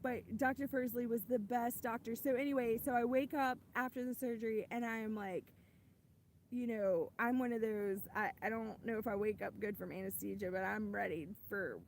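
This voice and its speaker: A woman's voice: fairly high pitch, fairly even intonation, moderate pace, a little hiss or hum, rough recording. A woman telling her personal faith testimony in a casual, earnest way, rambling with many restarts. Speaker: ministry host giving a testimony.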